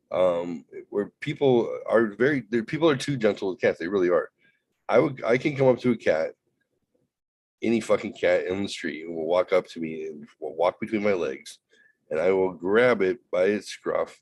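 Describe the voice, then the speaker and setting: A man hosting a podcast, telling a rambling, profane, animated story in casual chat. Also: low voice, no echo, low-quality recording. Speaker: podcast host.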